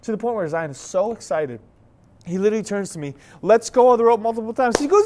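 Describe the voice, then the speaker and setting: A young man preaching a sermon, telling a playful story with lively delivery and short of breath. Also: sits high, fast talker. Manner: animated, playful storyteller acting out scenes. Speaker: pastor.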